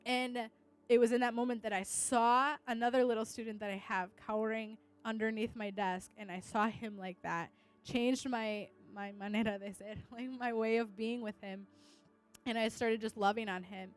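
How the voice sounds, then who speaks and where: A young woman teacher gives a casual testimony to a church gathering about her students, her voice on the high side, steady, clean and at normal speed. She chats freely, leaning heavily on "like" and dropping in Spanish words.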